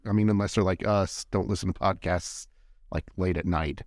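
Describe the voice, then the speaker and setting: A man's voice: deep voice, fairly even intonation, normal speed, darkish tone, dry recording, studio quality. A man hosting a casual podcast, easygoing and steering the chat toward the next story. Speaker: podcast host leading the segment.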